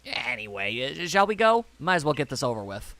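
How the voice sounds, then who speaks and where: Gravelly, playful man playing a game. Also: fairly high pitch, sing-song, brisk, a bit bright, dry recording. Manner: playful, chatty, talks to the game. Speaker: video game streamer. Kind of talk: let's play commentary.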